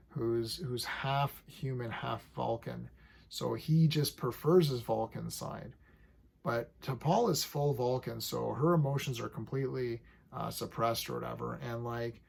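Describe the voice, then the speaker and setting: A man in his forties giving a casual, enthusiastic review of a TV episode, full of fillers and quick acted-out bits of scenes. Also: mid-range voice, gravelly. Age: 40s. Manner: chatty and enthusiastic, lots of fillers, acts out scenes.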